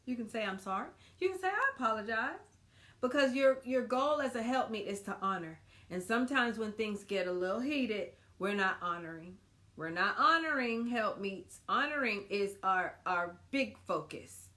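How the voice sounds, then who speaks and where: Woman host, fairly high voice, earnest devotional tips talk, encouraging and repetitive. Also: animated, normal speed, bright, forceful tone. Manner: earnest, encouraging, repeats phrases for emphasis. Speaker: marriage ministry host.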